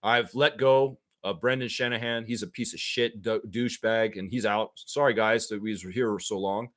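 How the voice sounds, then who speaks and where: A man's voice: fairly low pitch, steady tone, normal speed, fairly bright tone, voice pushed down, natural voice. A man playing a stern sports executive bluntly announcing a firing at a press conference. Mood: curt.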